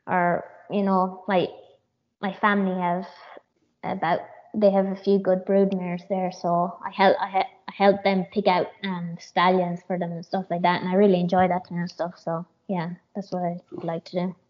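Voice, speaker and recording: An Irish woman, a jockey, talks through a casual interview, pausing often with fillers and restarting her sentences. The audio is muffled and lo-fi, with little top end. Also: fairly low pitch, flat delivery. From Ireland. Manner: hesitant, many fillers and restarts. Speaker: jockey, guest.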